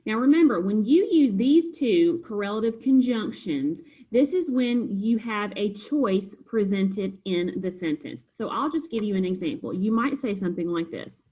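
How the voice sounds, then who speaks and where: Patient woman teacher with a husky voice. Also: medium pitch, muffled recording. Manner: patient, step-by-step explaining. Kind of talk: recorded homework review lesson.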